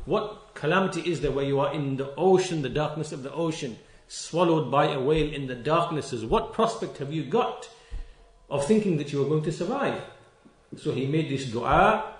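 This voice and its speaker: Emphatic male religious lecturer, roomy sound. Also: on the high side. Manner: emphatic, repeats key phrases, stretches words for stress; stern and reproachful toward critics. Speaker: Islamic lecturer.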